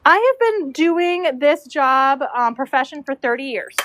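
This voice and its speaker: A woman's voice: high voice, expressive, a little slow, a bit bright, no echo. A woman in her forties who braids horses, chatting casually on a livestream, answering viewer comments and cooing to her dog in a horse barn. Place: horse show barn stall.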